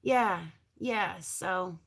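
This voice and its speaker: A woman's voice: fairly low pitch, drawn-out words, creaky, a bit bright. Chatty laughing woman vlogger. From North American prairie. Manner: chatty, rambling, laughs often. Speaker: rockhounding vlogger. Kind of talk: casual chat to viewers.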